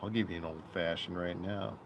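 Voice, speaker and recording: Male streamer host, lowish voice, loose rambling profane chatter, outdoor noise behind. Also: steady tone, fairly quick. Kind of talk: casual live-stream chat. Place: outdoor patio.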